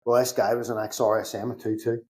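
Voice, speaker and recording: A man's voice: medium pitch, brisk. Middle-aged Belfast man, podcast guest, casual storyteller who voices both sides of the dialogue and swears freely. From Northern Ireland. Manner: animated anecdotes, acts out both sides of conversations, swears casually. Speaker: podcast guest, security consultant.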